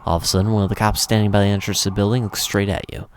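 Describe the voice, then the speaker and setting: A low-voiced man reads a game's narration aloud in a relaxed, conversational way. He drops in offhand comments between passages. A faint hiss sits under the voice. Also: racing. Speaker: gamer reading a visual novel aloud. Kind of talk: reading game text with casual asides.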